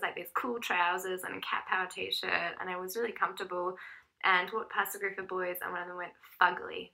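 A woman's voice: lowish voice, vocal fry, rough recording. A woman in her thirties, frankly telling a personal story in casual chat as a co-host. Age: 30s. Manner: frank storytelling, lively and animated. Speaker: podcast co-host.

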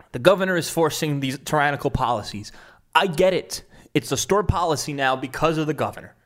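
A man giving reaction commentary, talking it through with frequent restarts. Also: fairly high pitch.

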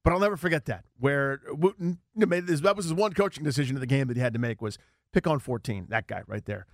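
Male sports radio host, 40s, animated self-mocking storyteller, dry studio sound. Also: mid-range voice, fast, dry recording. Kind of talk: casual sports talk.

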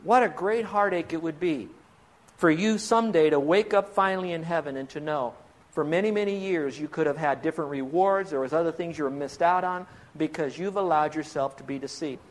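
Man, pastor, sermon, high voice, earnest, pleading, rhetorical questions. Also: fairly quick.

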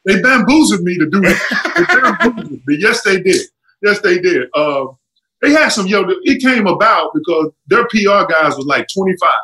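High, bright-voiced man telling stories. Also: normal speed, rough recording. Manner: animated, acts out quotes with jumps in pitch. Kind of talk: casual storytelling.

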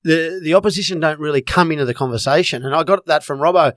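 A man's voice: on the high side, fast talker, fairly bright tone, dry recording, studio quality. An Australian man hosting a casual sports chat, talkative and joking, quizzing a guest. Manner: chatty, jokey quizmaster. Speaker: podcast host.

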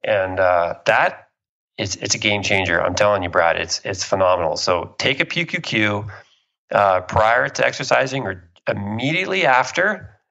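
Gravelly, bright-voiced man on a lo-fi line. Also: fairly low pitch, expressive, moderate pace. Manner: enthusiastic, explains with analogies and tells anecdotes. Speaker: guest, author on genes and health. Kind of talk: conversational explaining.

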